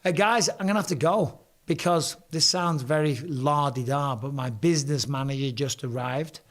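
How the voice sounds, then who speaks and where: Hoarse man on a live stream. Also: a little high, normal speed, fairly bright tone. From England. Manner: cheeky, swearing, banter with the chat. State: hoarse, voice strained. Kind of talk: casual live stream chat reading viewer comments.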